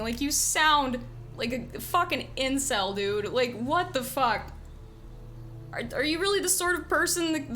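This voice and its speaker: A woman's voice: sits high, pushed and bright. A woman streaming a video game, chatting casually and with exasperation, swearing often. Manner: exasperated, swearing, frequent laughs.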